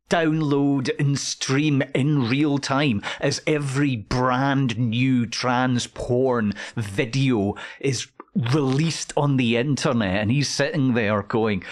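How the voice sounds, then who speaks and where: A man hosts a comedy news rant at an unhurried pace, his pitch swinging widely as he mocks and swears. His delivery is sardonic and unfiltered, with a mid-range voice.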